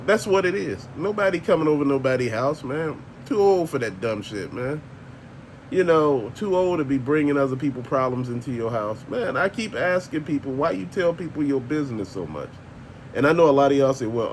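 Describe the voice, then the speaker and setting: An older man hosting a channel rants bluntly and profanely in a casual monologue, laughing often. His voice is medium-pitched, with a little hiss or hum in the recording.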